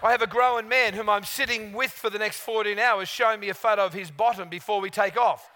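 A male pastor gives a sermon in a high, bright voice. His delivery is chatty and lively, full of little restarts as he tells his stories. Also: fairly quick, a little hiss or hum.

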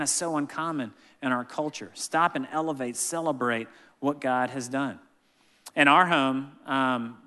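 A man in his thirties preaching a sermon, telling family stories with animated delivery and acting out voices. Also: mid-range voice, clean tone. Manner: animated storytelling, acts out family members' voices. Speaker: pastor. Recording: long hall reverb.

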